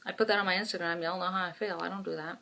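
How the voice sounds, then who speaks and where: A woman's voice: fairly low pitch, very fast, vocal fry. A woman, co-hosting a podcast in frank, self-mocking casual chat. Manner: chatty, animated storyteller, frank and self-mocking. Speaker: podcast co-host.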